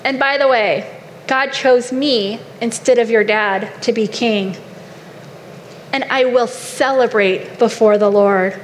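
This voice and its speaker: A woman's voice: sits high, unhurried. A woman preacher voicing a devout king who answers his wife firmly and pointedly. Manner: pointed, firm. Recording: long hall reverb, faint noise.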